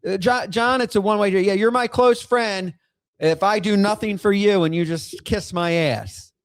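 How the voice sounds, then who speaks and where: A man's voice: high-pitched, moderate pace, no room sound. Man, middle-aged, livestream host, heated, swearing, laughing outbursts, dry sound. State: in outpatient rehab. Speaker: host reacting to a clip. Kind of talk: livestream rant and chat reading.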